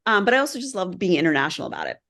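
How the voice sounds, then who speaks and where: A woman who grew up speaking Gujarati, a guest on a podcast, telling stories in a lively way and acting out the voices she quotes. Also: lowish voice, very fast, creaky. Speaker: guest, humanitarian photographer. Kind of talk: casual interview chat.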